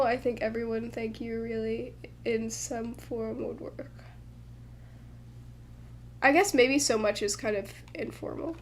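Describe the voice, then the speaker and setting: Chatty woman streamer thinking aloud. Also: fairly high pitch. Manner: thinks aloud with many fillers and restarts. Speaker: streamer translating a manga. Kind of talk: casual livestream commentary.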